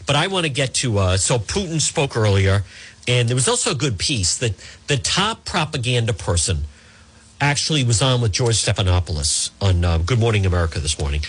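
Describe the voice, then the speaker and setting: A male talk show host rambles through his commentary, stopping and restarting often. His pitch swings up and down a lot as he talks. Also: a bit bright. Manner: rambling, with many fillers and restarts. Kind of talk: casual political commentary.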